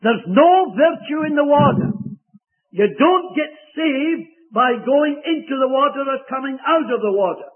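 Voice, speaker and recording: A man's voice: extremely high pitch, lively intonation, a little slow. A man preaching a sermon in an emphatic, earnest way, on a tinny, phone-like recording.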